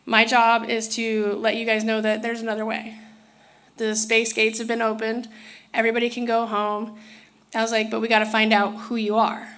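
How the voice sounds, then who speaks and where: A woman's voice: fairly high pitch, monotone, moderate pace, a bit bright. A woman telling a personal story in a casual, rambling way, often restarting her sentences. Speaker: spiritual speaker.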